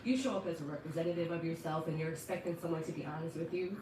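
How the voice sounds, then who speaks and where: Sincere woman guest, lowish voice, roomy and distant sound. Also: steady tone, very fast, noisy background. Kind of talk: casual podcast conversation.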